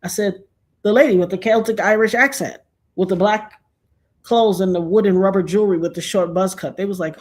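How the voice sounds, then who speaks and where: A middle-aged woman telling a personal story in a casual, animated way, acting out the other people's lines as she goes. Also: medium pitch, fast talker. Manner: animated, acts out quoted dialogue.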